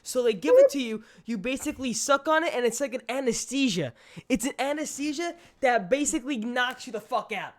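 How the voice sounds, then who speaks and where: A man hosting a podcast, talking in an excitable, rambling way with plenty of swearing. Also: very high voice, brisk. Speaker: podcast host. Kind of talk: casual chat.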